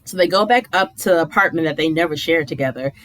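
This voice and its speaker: A woman casually recapping a reality TV episode, animated and opinionated, mimicking the cast in exaggerated high voices. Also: fast, no room sound.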